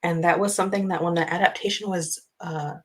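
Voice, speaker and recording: Low, unhurried woman host, casual book chat, rambling and full of ums. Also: fairly even intonation, husky, rough recording. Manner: chatty, rambling, many ums.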